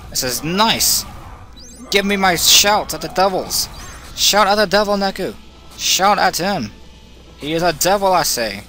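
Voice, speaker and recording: Excitable man narrating a game over loud music. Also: fairly high pitch. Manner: excitable, talks to the game character, swings between groans and cheers. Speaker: let's play commentator. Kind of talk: casual gameplay commentary.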